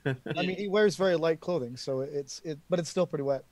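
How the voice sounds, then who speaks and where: Man, player, playful, slightly high voice, dry sound. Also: brisk, darkish tone, no echo. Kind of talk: casual tabletop game chat.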